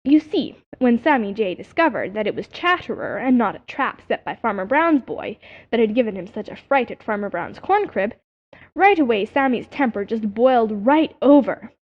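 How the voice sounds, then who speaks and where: A woman narrating a children's animal story as an audiobook reader, in an expressive storytelling manner. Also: fairly high pitch, normal speed. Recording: dull lo-fi audiobook recording.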